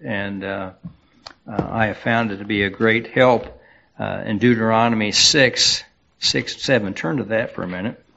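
A low-voiced man preaching a sermon, taking his time and often stumbling over words with fillers and restarts. The recording sounds slightly dull and muffled. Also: fairly even intonation, creaky, bright, forceful tone. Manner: unhurried, halting with many fillers and restarts. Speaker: pastor.

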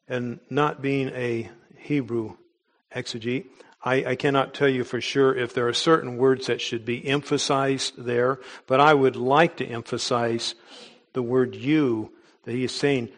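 A man's voice: medium pitch, fairly even intonation, unhurried. A man preaching a sermon in an earnest, emphatic way, with small restarts as he goes. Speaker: pastor.

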